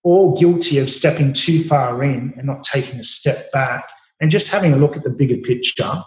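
A middle-aged man, a chef, telling stories in an interview with a relaxed, rambling manner full of fillers and restarts. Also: mid-range voice, normal speed. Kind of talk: storytelling interview answers. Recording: roomy echo.

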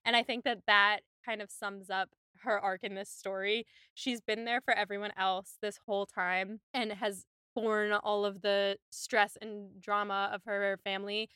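A woman co-hosting a podcast, chatting casually and retelling scenes in a lively, animated way. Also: mid-range voice, unhurried, few pauses, clean tone, no echo, studio quality. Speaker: podcast co-host. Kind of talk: casual chat.

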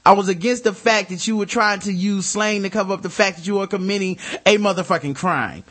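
High-voiced man, profane podcast co-host. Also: brisk, fairly bright tone. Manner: profane, joking, reads news aloud with riffs. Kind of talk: casual comedic chat, reading listener mail.

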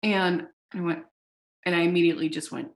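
A woman founder talking casually in an interview, telling a story with animated, acted-out quotes and casual swearing. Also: lowish voice, a little fast. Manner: animated storyteller who acts out quoted dialogue. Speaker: founder of a sex tech company, podcast guest.

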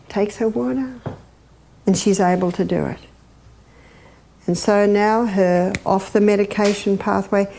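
Lively woman, warm and mellow. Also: mid-range voice, slight background noise. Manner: lively, imitates bird laughs, asks the audience questions. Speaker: health educator. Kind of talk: animated teaching talk.

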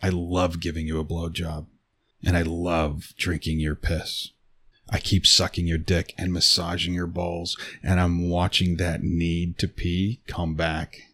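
A man with a very deep, husky voice narrates an intimate second-person erotic story. He takes his time and teases softly, close to the mic. The sound is dry, with no room around it. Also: no room sound. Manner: slow, low, teasing and intimate.

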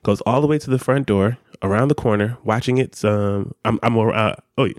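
A man co-hosting a casual chat, telling stories with a lively, joking manner and casual swearing. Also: fairly low pitch, brisk, no room sound, clean studio sound. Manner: animated, laughs often, swears casually. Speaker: podcast co-host. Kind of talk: casual chat and story reading.

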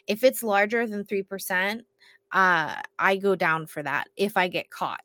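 A woman's voice: medium pitch, measured pace, bright, forceful tone, no echo. Blunt woman ranting on a podcast. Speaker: podcast co-host. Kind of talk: casual podcast chat.

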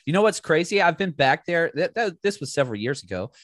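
A man with a fairly high voice that swings up and down, chatting on a podcast. His humor is dry and wry, and the sound is close and dry. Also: sing-song, fast talker, fairly bright tone, dry recording. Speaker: podcast co-host. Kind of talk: casual chat.

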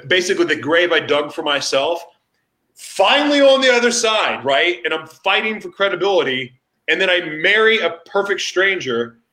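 A man hosting a casual chat, telling candid stories in an animated way. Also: sits high, roomy sound.

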